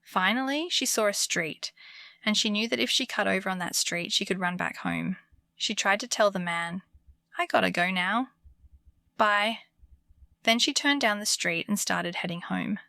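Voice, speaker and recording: A woman narrating true scary stories for bedtime in a calm, comforting scripted delivery. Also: medium pitch, moderate pace, creaky, dry recording, studio quality. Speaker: horror story narrator.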